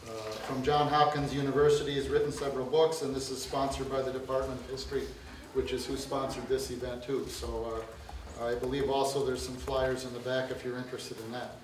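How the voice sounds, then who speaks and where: A man's voice: medium pitch, little pitch movement, fairly quick, hardly any pauses. Man moderating in an echoey hall. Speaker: event moderator. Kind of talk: announcements and Q and A moderation. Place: university lecture room. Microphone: no microphone, recorded from far off. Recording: roomy, distant, noisy.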